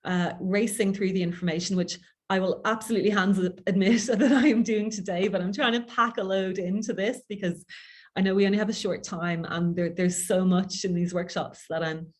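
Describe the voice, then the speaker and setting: A woman with an Irish accent giving a quick, chatty public speaking workshop, self-deprecating and informal. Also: medium pitch, fairly even intonation. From Ireland. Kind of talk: workshop talk.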